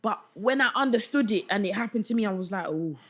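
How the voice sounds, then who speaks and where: A young woman, a podcast guest telling a story in casual chat, animated and slangy, acting out the voices of people she quotes. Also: medium pitch, quick pace. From London.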